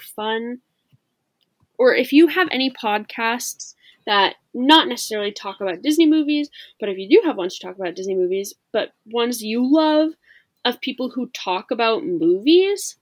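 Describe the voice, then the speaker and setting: A woman in her twenties co-hosts a podcast, chatting playfully and casually with plenty of fillers. Her voice runs on the high side, expressive, at normal speed.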